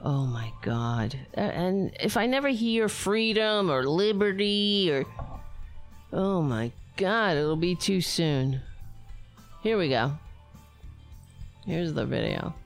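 A woman's voice: lowish voice, big pitch swings, slow pace, pauses often, soft background music. A woman streamer reacting to a video with sarcastic, profane commentary.

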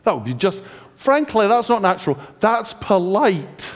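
Speaking at a measured pace, a man with a high, very animated voice preaches in a church hall, and the recording carries its reverb. He has a British accent and keeps the sermon chatty and jokey, regularly questioning the congregation.

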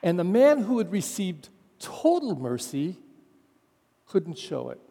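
A man's voice: high-pitched, very animated, slow, vocal fry, dark tone, big-room sound. A man, a pastor, preaching a sermon in a conversational way with wry asides.

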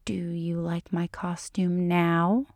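A woman's voice: medium pitch, moderate pace, a little mellow, dry recording, close to an everyday voice. A woman voicing a composed female doctor who speaks in a level, haughty, clinical way. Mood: teasing.

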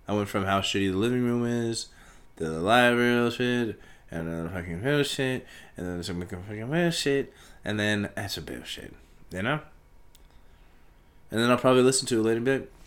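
A young man hosting a solo podcast, rambling and swearing casually, talking in circles and breaking into loud shouts. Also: low-pitched. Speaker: podcast host.

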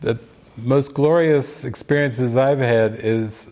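An older man telling stories in a relaxed spiritual talk. His voice sits in an ordinary middle pitch, and he slips into the voices of the people he quotes as he goes. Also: slow pace. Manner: storytelling, acts out quoted voices. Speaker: spiritual teacher giving movie commentary.

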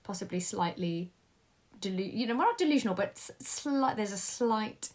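A woman's voice: medium pitch, animated, moderate pace, darkish tone. A woman in a casual film discussion, often searching for words and correcting herself. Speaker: film reviewer.

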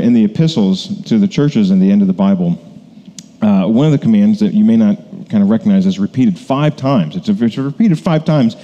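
A man's voice: fairly low pitch, dark tone, muffled recording. A man, a pastor, preaching a casual, conversational sermon full of asides and fillers.

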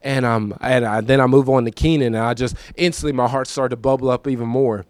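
A man in his thirties preaching a personal testimony in a conversational, emotional way, moving from quiet recollection to raised, emphatic lines. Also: mid-range voice, steady tone, brisk, no echo. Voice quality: conversational, emotional, repeats himself. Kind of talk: testimony sermon.

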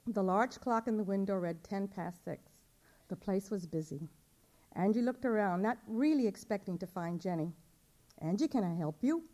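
A woman's voice: mid-range voice, normal speed, mellow. A woman author reading her short story aloud at a public event, narrating plainly and voicing the dialogue.

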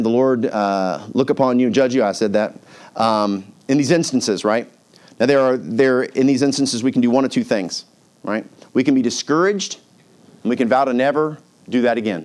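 A man's voice: mid-range voice, darkish tone. A middle-aged man preaching a sermon as pastor, telling stories and acting out the people in them with big swings of voice.

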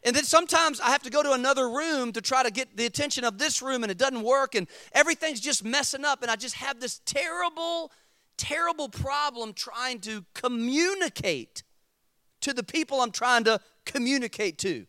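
High, bright-voiced preaching man. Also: moderate pace, no room sound, clean studio sound. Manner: animated, emphatic, acts out stories. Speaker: pastor. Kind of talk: sermon.

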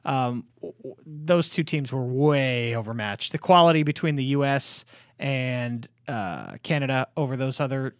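A man's voice: medium pitch, a little slow, no echo, studio quality. A man co-hosting a sports podcast in casual chat, rambling with lots of fillers in an easygoing way. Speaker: podcast co-host.

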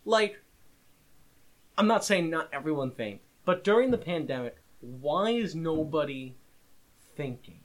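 A man co-hosting a casual podcast, telling a story in an animated, exasperated way. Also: fairly high pitch, unhurried, long pauses. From Italian-American. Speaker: podcast co-host. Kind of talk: casual chat.

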